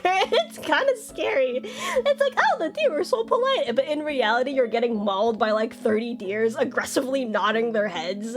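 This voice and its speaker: A bubbly young woman in her twenties chats on a live stream, her voice sitting a little high and leaping into squeaky greetings for viewers. Soft music plays faintly behind her. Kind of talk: casual chat stream.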